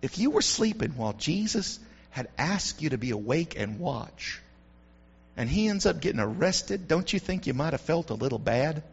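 A man preaching a sermon, telling the story with animated swings between loud and hushed delivery, on a dull lo-fi recording. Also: a little high, normal speed, vocal fry, breathy edge.

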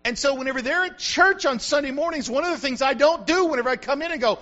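An older American man, a grandfather and pastor, preaches a sermon using repetition and rising emphasis. His voice is very high, quick and sharp, and the recording is muffled.

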